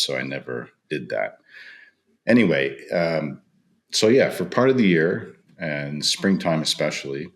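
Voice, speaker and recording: A middle-aged man with an extremely low, rumbling voice talks as a podcast guest. He rambles warmly about his work, full of fillers and restarts, in an easygoing conversational tone. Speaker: guest wildlife photographer. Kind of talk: casual podcast chat.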